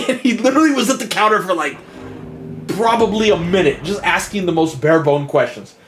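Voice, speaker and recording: Male streamer, slightly high voice, casual profane storyteller. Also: fairly quick, noisy background. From United States. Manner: profane, animated, chuckling. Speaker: gaming streamer.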